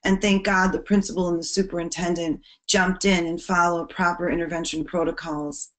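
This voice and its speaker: A woman giving an earnest educational presentation to teachers on bullying prevention, her voice dropping soft at serious points. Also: fairly low pitch, moderate pace.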